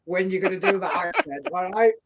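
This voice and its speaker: A man's voice: high voice, level tone, a little fast, crowd noise. Man with a Northern English accent. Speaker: security team member. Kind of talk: casual podcast chat.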